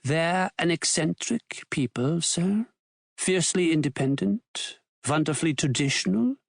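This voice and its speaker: A man's voice: on the high side, expressive, measured pace, creaky, dry recording, studio quality, exaggerated voice. A man voicing a wary German scholar who answers formally and carefully, with a respectful title each time. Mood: deferential.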